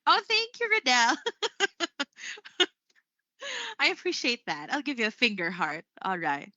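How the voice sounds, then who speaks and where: A woman leads a live online English lesson in a very bright, high-set voice. She takes her time with each word and often breaks into easy laughter. The sound is close and dry but a little muffled. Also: no room sound. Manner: slow, expressive delivery with frequent laughs. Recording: slightly muffled stream audio.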